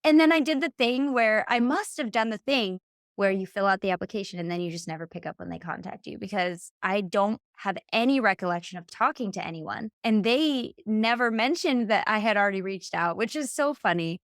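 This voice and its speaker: Podcast guest, woman, late 30s, lively storyteller who acts out quotes, dry close mic. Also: medium pitch, a little fast, dry recording. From Michigan. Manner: animated, acts out quoted dialogue. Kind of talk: casual storytelling.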